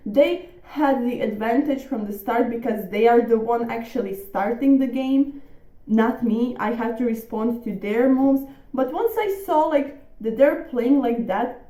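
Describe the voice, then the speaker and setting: A woman hosting a chess channel, giving a chatty, excitable recap of her game. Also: high-pitched. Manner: excitable, chatty, animated self-quoting. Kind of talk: casual game commentary. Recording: echoey room.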